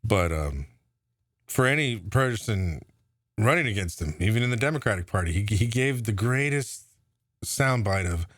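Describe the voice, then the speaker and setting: A man's voice: lowish voice, animated, normal speed, fairly bright tone, dry recording. A man ranting casually about politics, profane and sarcastic. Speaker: political commentator.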